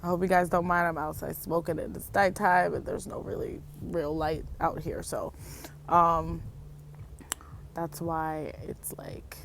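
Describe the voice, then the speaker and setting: A woman's voice: fairly low pitch, moderate pace, creaky, a little hiss or hum. Rambling woman vlogging outdoors at night. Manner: rambling, laughing, self-interrupting. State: high. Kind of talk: casual chat.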